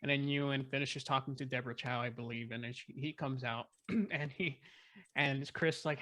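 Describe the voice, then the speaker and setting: A man chatting as an interview guest, telling a story in an excited, rambling way with lots of fillers. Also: a little high, fairly quick, no room sound. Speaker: guest filmmaker. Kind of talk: casual storytelling.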